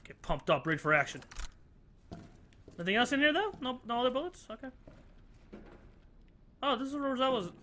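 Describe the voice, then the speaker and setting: High-pitched, excitable swearing gamer man. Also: a little fast, pauses often, slight background noise. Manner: excitable, swears a lot, jokey. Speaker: gameplay commentator. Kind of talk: let's play commentary.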